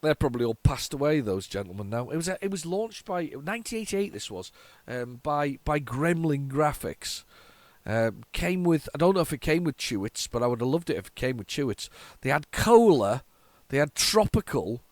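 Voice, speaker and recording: A man's voice: on the high side, big pitch swings, moderate pace, no room sound. A man from the UK hosting a retro computing video, chatting nostalgically and stumbling over repeated words and false starts as he loads an old cassette. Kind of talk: casual solo commentary.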